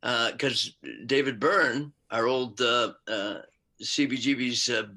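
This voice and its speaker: A man's voice: mid-range voice, steady tone, takes it slowly, sharp tone. An older man, an actor and musician, chatting casually in an interview, rambling with asides and frequent laughs.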